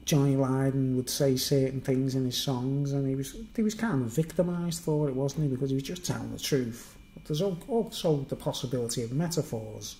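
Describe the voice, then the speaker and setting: Middle-aged man, toned-down Merseyside accent, mellow voice, chatty self-deprecating live streamer full of fillers. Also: medium pitch, a little fast, hardly any pauses, a little hiss or hum, low-quality recording. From Merseyside, England. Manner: rambling, self-mocking, chatty with many fillers. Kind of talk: casual live-stream monologue.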